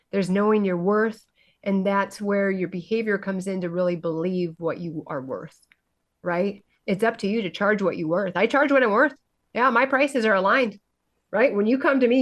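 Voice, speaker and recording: A woman hosting a motivational podcast, talking passionately and emphatically and often asking "right?". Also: medium pitch. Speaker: podcast host and coach. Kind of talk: motivational monologue.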